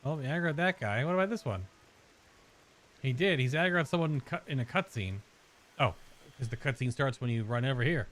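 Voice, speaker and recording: Animated man joking through a game. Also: medium pitch, fairly quick. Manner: jokey, reacts aloud, reads quest text. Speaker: let's play host. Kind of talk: casual gaming commentary.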